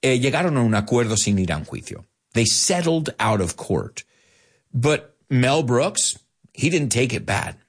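A man in his forties, a podcast host teaching English, talking in an animated way and acting out quotes. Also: normal speed, husky. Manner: animated, acts out quotes with big pitch jumps. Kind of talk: bilingual English lesson.

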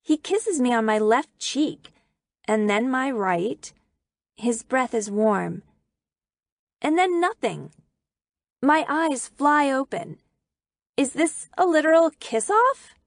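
A woman narrating a novel in the first person, in an expressive storytelling manner. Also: a little high, slow pace, gravelly, pauses often, no echo, studio quality. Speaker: audiobook narrator.

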